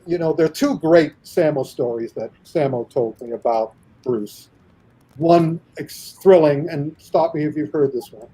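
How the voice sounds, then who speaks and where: Male podcast guest, animated storyteller who acts out quotes; mellow, husky timbre. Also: on the high side, low-quality recording. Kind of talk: casual podcast anecdote.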